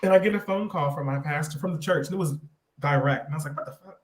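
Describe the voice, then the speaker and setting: Man, podcast guest, rambling animated storytelling, slightly high voice, echoey room. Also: fast. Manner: rambling, animated retelling with restarts. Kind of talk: personal storytelling in an interview. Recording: roomy echo.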